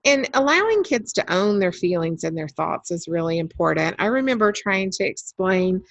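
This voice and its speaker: A woman's voice: on the low side, sing-song, normal speed, no echo, muffled recording. Woman talking thru a webinar, casual and chatty, lots of ums, dry close sound. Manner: chatty and anecdotal, with frequent ums. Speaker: webinar presenter. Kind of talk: conversational webinar talk.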